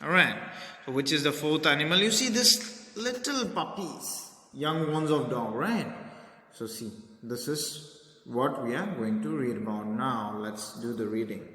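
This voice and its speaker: A man's voice: medium pitch, unhurried, bright, forceful tone. A man teaching a poem to a class, explaining simply and repeating key words. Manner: explains simply, repeats words, says okay and right often. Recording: roomy echo with long reverb.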